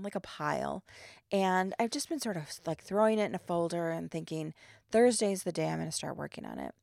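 A middle-aged woman hosting a podcast, retelling everyday run-ins in an animated, exasperated way with lots of fillers. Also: on the low side, gravelly, dry recording, studio quality. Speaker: podcast host. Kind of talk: casual storytelling monologue.

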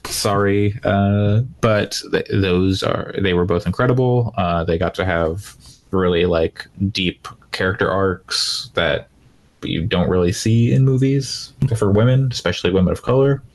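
A man's voice: low-pitched, a little slow. A man co-hosting a casual movie podcast, hesitant and stammering with many fillers. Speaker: podcast co-host.

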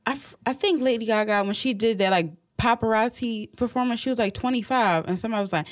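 A woman in her mid twenties co-hosting a podcast in casual chat, giggly and quick to react. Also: on the high side. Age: 20s. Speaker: podcast co-host.

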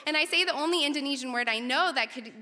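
A young woman telling a personal story to an audience, lively, her voice leaping up when recounting panic. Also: sits high, quick pace. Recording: reverberant hall.

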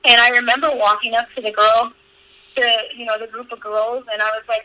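Young woman guest on a podcast, super bright voice, dry close mic, swears a lot and says like constantly. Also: on the high side, flat delivery, a little fast, dry recording, rough recording. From California. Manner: candid, profane, lots of "like" fillers. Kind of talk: casual storytelling interview.

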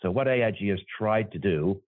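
A man's voice: fairly low pitch, fairly quick, no echo. A man working as an insurance executive, explaining his business in an interview and often checking in with "right?". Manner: explanatory, tags points with "right?". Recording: dry, phone-like remote audio.

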